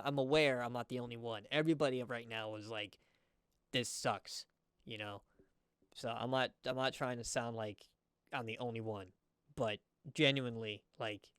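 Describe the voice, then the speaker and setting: A man's voice: mid-range voice, a bit bright, clear, resonant tone, no room sound, studio quality. A man in his twenties hosting a music reaction video, talking candidly and earnestly in a rambling, confessional way. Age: 20s. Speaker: music reaction channel host, beatboxer. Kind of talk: candid casual reaction commentary.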